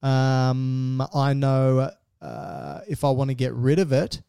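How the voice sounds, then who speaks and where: A man's voice: mid-range voice, animated, takes it slowly, gravelly, mellow, clear, resonant tone, no echo, studio quality. A man, a doctor co-hosting a casual medical podcast, joking and laughing as he plays the student.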